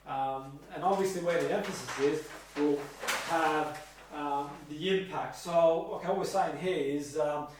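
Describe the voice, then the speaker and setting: Halting man teaching in an echoey room. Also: a little high, background noise. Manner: halting, with many ums and slow emphatic pauses. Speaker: hypnotherapy trainer. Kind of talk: seminar teaching. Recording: echoey room, heard from a distance.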